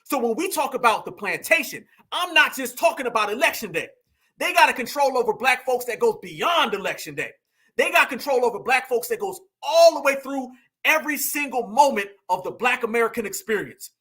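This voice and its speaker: Delivering an impassioned political monologue, a man preaches with heat in a strikingly high, bright, forceful voice with a breathy edge. He talks fairly quickly with big pitch swings, repeating lines for emphasis. He keeps addressing his listeners directly as "y'all."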